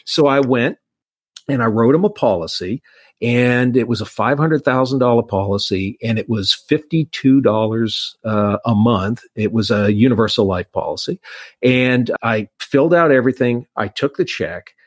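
A man's voice: medium pitch, moderate pace, no room sound. A man who works as an insurance agent, telling a long personal story in a casual, rambling way with frequent restarts. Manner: anecdotal, many restarts.

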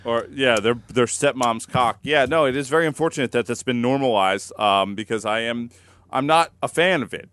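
A man on a comedy podcast delivering crude jokes in a deadpan way. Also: medium pitch, moderate pace. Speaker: podcast co-host. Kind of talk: casual banter.

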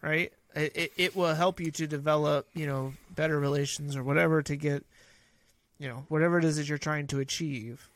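A man's voice: on the high side, fairly even intonation, brisk, fairly bright tone, no room sound. A man in his thirties co-hosting a casual podcast chat, easygoing and reflective, acting out quotes from his daughter. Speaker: podcast co-host.

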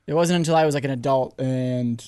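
A man's voice: medium pitch, brisk, warm tone, smooth, dry recording, studio quality. A young adult man, a comedian, telling a personal story in casual chat, rambling and self-deprecating with many restarts. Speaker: comedian guest.

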